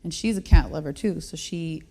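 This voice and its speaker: A woman's voice: low-pitched, normal speed, dark tone. A woman in her thirties hosting a radio show, telling a long story in a chatty, self-mocking way and laughing often. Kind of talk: casual radio chat, storytelling.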